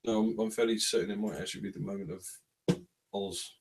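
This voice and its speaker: A man's voice: fairly low pitch, fairly even intonation, fast, vocal fry, heavy background noise. A man in casual chat with friends, rambling and swearing freely. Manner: crude, rambling, swears a lot.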